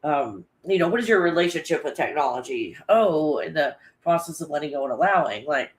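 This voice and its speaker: Casual livestream host, talks to the chat off the cuff, swears freely, laughs a lot, average pitch. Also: expressive, a little fast. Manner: chatty, loose and swearing, laughs often.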